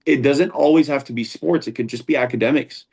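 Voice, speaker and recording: A man's voice: mid-range voice, a little fast, vocal fry, a little mellow, husky. A man, a founder and combat sports instructor, talking as a guest in a casual interview, earnest and rambling, with frequent restarts.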